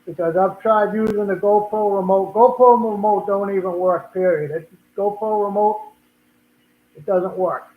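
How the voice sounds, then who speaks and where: An older man with a Boston accent rambles through a casual livestream chat, often repeating and restarting his words. His voice sits fairly high for a man. The sound is thin and phone-like, with a lot of room echo. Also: moderate pace. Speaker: livestream host. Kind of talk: casual live stream chat.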